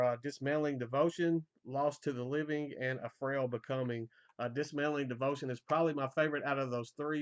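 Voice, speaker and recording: A man in a casual album collection vlog, rambling with fillers, his voice going hoarse. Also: medium pitch, lo-fi sound. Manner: relaxed, rambling, frequent fillers and repeated starts. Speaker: metal collector vlogger.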